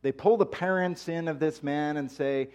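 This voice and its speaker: A man's voice: a little high, moderate pace, a little mellow, clear, resonant tone. A man preaching a sermon, reading scripture aloud in a conversational way and animating the quoted voices.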